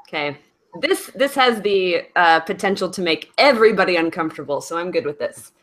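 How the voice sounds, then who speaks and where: A woman co-hosting a comedy podcast, making wry, deadpan remarks in casual chat. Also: lowish voice, brisk. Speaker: podcast co-host.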